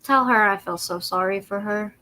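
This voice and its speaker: Bright chatty woman hosting a livestream. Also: mid-range voice, normal speed. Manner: chatty, laughs often. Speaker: livestream host. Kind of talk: casual live chat.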